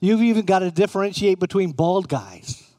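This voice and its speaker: A man's voice: high voice, lively intonation, normal speed, warm tone, no echo, clean studio sound. A middle-aged man preaching a conversational sermon, often putting questions to his listeners. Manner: conversational, asks the room questions.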